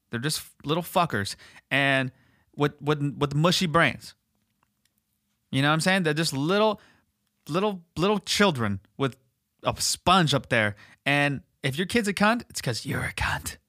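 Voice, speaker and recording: A man hosting a podcast in casual, rambling chat, swearing heavily and animated. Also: a little high, no room sound, clean studio sound. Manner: profane, rambling, animated, filler words. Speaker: podcast host.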